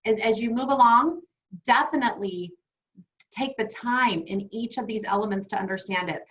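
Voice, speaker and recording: A woman's voice: fairly high pitch, moderate pace, a bit bright. A woman co-hosting an online wellness webinar, chatty and enthusiastic, sharing personal stories as she teaches. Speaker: wellness program co-host. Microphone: video call. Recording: dull lo-fi video call audio.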